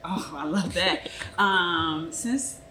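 A woman's voice: lowish voice, drawn-out words, pushed and bright, a little hiss or hum. A young adult woman co-hosting a podcast and chatting casually, a bubbly, rambling storyteller who works as a hairstylist. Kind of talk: casual chat.

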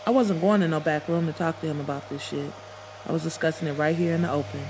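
A woman's voice: sits low, a little fast, darkish tone, slight background noise. Blunt, profane woman storyteller. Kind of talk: dramatic first-person story narration.

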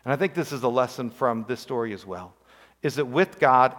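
A man preaching a sermon as a pastor, earnest, rising high on pleading lines and dropping soft and low on key phrases. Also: normal speed, big-room sound.

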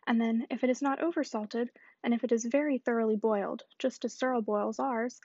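A woman reading the part of a fussy, anxious elderly gentleman who rambles fretfully. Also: a little high, fairly even intonation, a little fast, dry recording, lo-fi sound.

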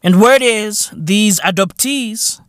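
Podcast host going off, swears a lot, pitch jumping all over, slow drawn-out talk, dry close sound. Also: dry recording. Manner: profane, animated, bursts into shouts. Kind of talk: comedic solo podcast rant.

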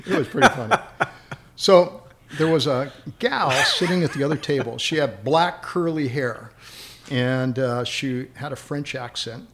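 A man with a rough, gravelly voice spins long anecdotes as an interview guest. He rambles from one memory to the next and chuckles along the way. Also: medium pitch, lively intonation, takes it slowly, long pauses, a bit bright, a little hiss or hum. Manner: rambling, chuckling as he recalls stories. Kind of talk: anecdotal storytelling.

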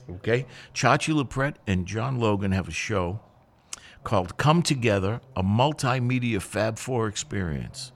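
A man in his sixties hosting a radio show, chatting casually with a jokey, chuckling manner and pushing a ticket giveaway hard. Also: mid-range voice. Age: 60s. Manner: chatty and jokey, chuckles often, pushy when plugging a giveaway. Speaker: radio host.

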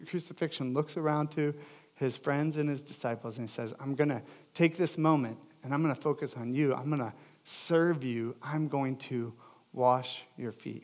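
A young adult man preaching a sermon as pastor, earnest and emphatic, swinging between loud and hushed delivery. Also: on the high side.

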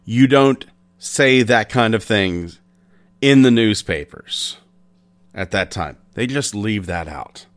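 A man hosting a podcast, retelling an old crime story in an unhurried, conversational way with pauses. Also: fairly low pitch, lively intonation. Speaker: podcast host.

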